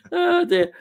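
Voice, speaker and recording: A man's voice: very high-pitched, vocal fry, fairly bright tone. A man co-hosting a casual livestream, easygoing and a little hesitant, often laughing. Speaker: livestream co-host. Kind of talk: casual live chat.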